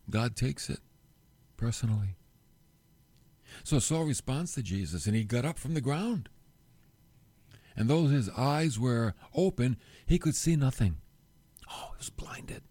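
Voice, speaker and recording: Animated male preacher, lively pitch. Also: dry recording. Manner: animated storytelling, acts out quotes. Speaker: pastor. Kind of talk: sermon.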